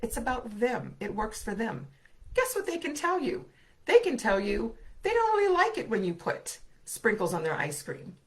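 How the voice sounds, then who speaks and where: A middle-aged woman, an autism specialist and speech therapist, giving an earnest, expressive talk to parents and often asking "right?". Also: mid-range voice, normal speed, hardly any pauses. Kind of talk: presentation to parents.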